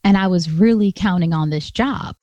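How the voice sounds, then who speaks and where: A woman's voice: on the low side, moderate pace, mellow, no echo, muffled recording. A woman telling a personal story to an audience, conversational and emphatic, acting out the voices of the people she quotes. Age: adult with a master's degree.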